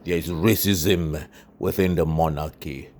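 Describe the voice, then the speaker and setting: A man's voice: extremely low pitch, steady tone, a little slow, darkish tone, slight background noise. A man voicing a pompous male news reporter who makes formal on-air announcements. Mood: announcing.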